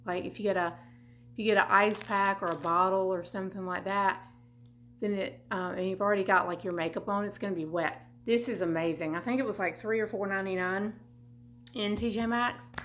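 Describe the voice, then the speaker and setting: A woman's voice: mid-range voice, steady tone, brisk, fairly bright tone, a little hiss or hum. Chatty woman rambling through a haul. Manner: chatty, rambling, asides and restarts. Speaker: vlogger. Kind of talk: casual haul chat. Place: home room.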